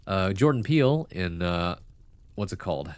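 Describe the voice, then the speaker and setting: Male streamer, deep voice, congested, lively, rambling casual delivery, dry close mic. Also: normal speed, smooth, dry recording. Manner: chatty, rambling, with many fillers and self-corrections. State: congested nose. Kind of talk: casual livestream commentary.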